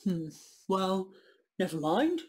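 A woman voicing a grumpy, hungry male troll who grumbles low and roars at passers-by, in a storybook reading. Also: very animated, takes it slowly, a little mellow. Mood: grumbling. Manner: low gruff grumbling, roars his challenge.

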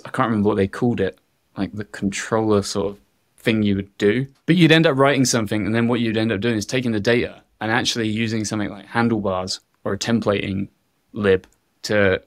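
A man's voice: lowish voice, no room sound, clean studio sound. A man with a Southern English accent, a podcast guest rambling through casual tech chat with frequent chuckles. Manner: rambling, chuckles often, fillers like "like".

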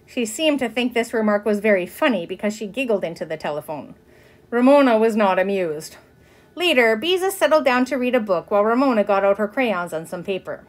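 A woman reading a children's chapter book aloud, with expressive narration. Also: medium pitch, fairly quick. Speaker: reader. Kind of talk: storybook narration.

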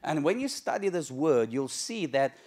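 A male pastor preaching a sermon in church, telling a story with lively, acted-out moments. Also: a little high, normal speed. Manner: animated storytelling, acts out shouting crowds.

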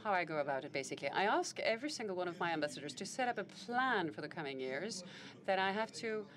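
A woman giving live spoken interpretation of a panel conversation, formal and measured, often pausing on fillers and correcting herself mid-phrase. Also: fairly low pitch, very animated, a bit bright. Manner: halting, with fillers and self-corrections.

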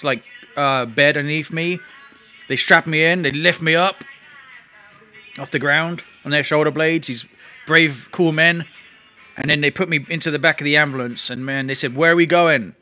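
A man with a bright, forceful voice pitched a little high recounts an ordeal in a rambling, emotional vlog. He restarts his sentences often, and faint music plays behind him. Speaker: vlogger. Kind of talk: casual storytelling to camera.

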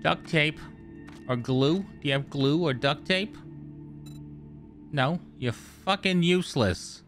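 A man giving casual gameplay commentary, excitable and profane, joking with the characters he meets. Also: on the high side, slow pace, faint music behind. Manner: excitable, profane, jokey, talks to game characters. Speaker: gamer streamer. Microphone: studio microphone.

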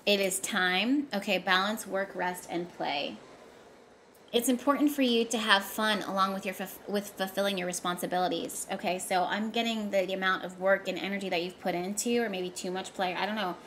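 With a faint hiss or hum behind her, a tarot reader addresses her viewers in a casual reading. Her medium-pitched voice is fairly bright with fairly even intonation and a moderate pace, and she talks emphatically, often repeating for effect.

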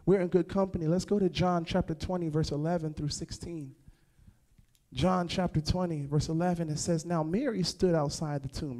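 A man preaching a sermon as pastor, with an American accent, moving from hushed asides to shouted, sing-song passages and calling out to the congregation. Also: on the high side, moderate pace. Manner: addresses the congregation directly with call-outs. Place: church sanctuary.

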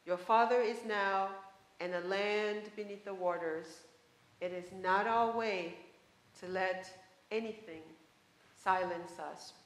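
A woman voicing a wise old village woman who travels to the land of the dead, speaking in a slow, insistent cadence. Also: medium pitch, echoey room, natural voice, poor audio.

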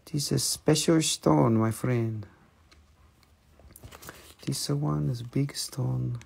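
A man putting on a hushed, coaxing voice as a stone seller in whispered role-play. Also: mid-range voice, takes it slowly, vocal fry, breathy edge, heavily acted. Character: soft-spoken male stone seller.

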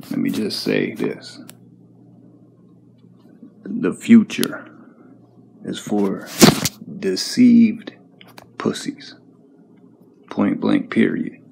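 A man's voice: on the low side, creaky, a little mellow, slight background noise. A man vlogging an angry, profane monologue, confrontational and repetitive as he rants at the viewers. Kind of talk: angry ranting monologue to camera.

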